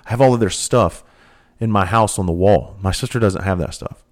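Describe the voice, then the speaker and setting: A man's voice: fairly low pitch, fairly quick. A man speaking in a candid monologue, earnest and blunt, with casual cursing and repeated phrases. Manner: earnest, heartfelt storytelling. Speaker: trainer for first responders.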